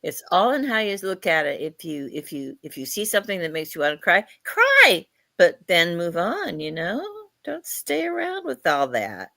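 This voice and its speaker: A woman's voice: fairly low pitch, huge pitch swings, moderate pace, creaky, sharp tone, dry recording, full character voice. A woman voicing a playful fairy spirit who calls itself a leader, giving a mischievous, lecturing channeled message. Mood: playful preachy.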